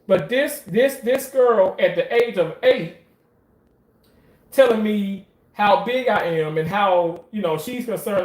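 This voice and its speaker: A man talking in a casual monologue about his work in surgery, animated, profane and emotional as he tells stories. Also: sits high, takes it slowly. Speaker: surgical staff commentator. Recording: roomy echo.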